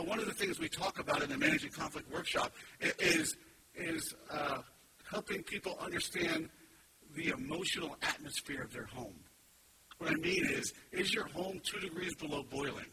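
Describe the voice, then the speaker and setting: A man in his fifties preaching a sermon, telling family stories quickly with sarcastic humor. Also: high voice. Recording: distant mic with loud background noise.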